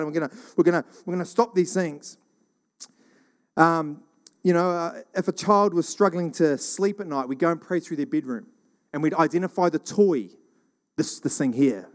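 A middle-aged man from New Zealand telling rambling church stories in a casual, animated monologue. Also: on the high side, brisk. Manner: rambling, animated, acts out quoted voices.

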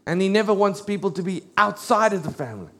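A middle-aged man preaching a sermon, animated and storytelling, slowing down to read scripture. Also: high voice.

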